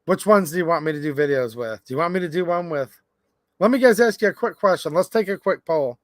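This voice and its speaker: Male livestream host, high voice, dry close sound, animated chatty delivery. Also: fast, dry recording. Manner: animated, chatty, reads viewer comments aloud. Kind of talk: casual livestream chat.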